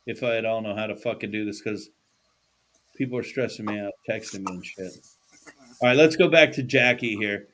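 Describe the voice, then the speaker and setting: A man's voice: fairly low pitch, brisk, fairly bright tone, a little hiss or hum. A man hosting a podcast in casual chat from a studio, swearing freely and laughing often. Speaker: podcast host.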